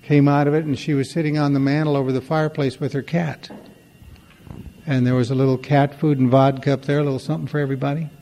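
A man's voice: medium pitch, flat delivery, quick pace, mellow, long reverb tail. A man giving a storytelling talk at a recovery meeting, conversational and wry, acting out the dialogue in his stories.

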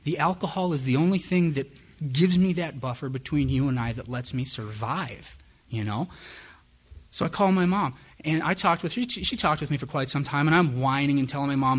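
A man's voice: on the high side, a little fast. A man giving personal testimony at a recovery meeting, candid and self-deprecating, with wry chuckles. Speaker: speaker sharing his story at a recovery meeting.

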